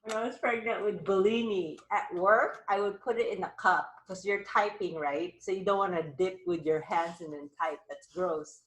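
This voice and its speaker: A woman's voice: mid-range voice, normal speed, few pauses, echoey room, poor audio. A woman hosting a live wellness chat over a video call, talking in a rambling, upbeat way. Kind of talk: casual chat.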